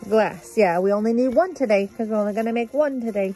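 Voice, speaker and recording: A mother with the hiccups, gently talking her small child through a craft at home. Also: on the high side, fast, faint music behind. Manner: gentle, coaxing, speaks simply to a small child. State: has the hiccups.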